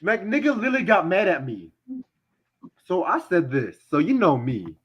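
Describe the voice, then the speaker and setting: A man's voice: sits high, moderate pace, slightly rough. A young man hosting a casual podcast, talking bluntly with lots of swearing and frequent laughter. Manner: blunt, animated, laughs often, swears freely. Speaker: podcast host and music reviewer. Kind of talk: casual profane podcast chat. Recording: dull lo-fi recording.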